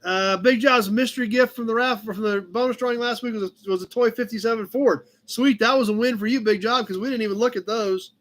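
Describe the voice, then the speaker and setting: Chatty high-voiced man hosting a live chat. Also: fairly even intonation, a little fast, hardly any pauses, fairly bright tone. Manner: rambling, chatty, talks to his cat between comments. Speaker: livestream host. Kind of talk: casual live chat reading a car magazine. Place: his shop office.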